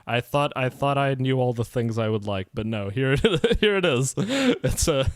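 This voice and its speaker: A man co-hosting a casual podcast, gushing about manga, excitable, swearing often and laughing a lot. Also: medium pitch, moderate pace, no room sound. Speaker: podcast co-host.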